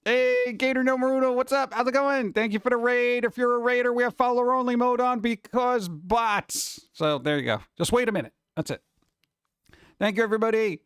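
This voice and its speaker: A male streamer hosts a casual chat, rambling to his viewers and imitating the voices of gadgets. His very high voice is steady, smooth and fairly bright, and he talks a little fast. The sound is clean studio quality with no room sound.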